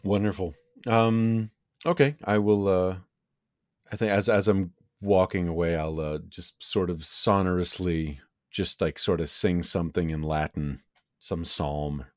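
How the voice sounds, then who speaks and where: A man's voice: low voice, steady tone, a little slow, darkish tone, dry recording, studio quality. A man speaking casually as a player in a tabletop game, hesitant with fillers. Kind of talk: tabletop role-play chat.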